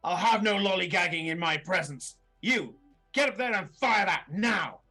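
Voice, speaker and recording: A man's voice: high voice, expressive, normal speed, faint music behind, pitched above the performer's own voice, exaggerated voice. A man voicing a pompous, bossy male duke who barks orders at his soldiers. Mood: impatient. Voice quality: loud barking commands.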